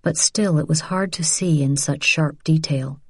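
Woman narrating a novel, low voice, dry close sound, steady and measured. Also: slightly rough, no echo. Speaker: audiobook narrator. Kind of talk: scripted narration.

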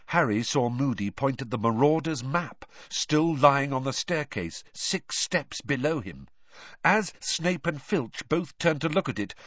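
A man narrating an audiobook in an expressive storytelling read. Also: fairly high pitch, no echo. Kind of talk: scripted narration. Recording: dry, slightly dull recording.

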